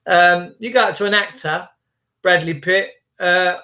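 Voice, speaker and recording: A man's voice: high voice, steady tone, unhurried, sharp tone. A man in his fifties giving a rambling, preachy and indignant rant on his livestream. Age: 50s. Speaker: vlogger on a livestream. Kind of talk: casual ranting monologue.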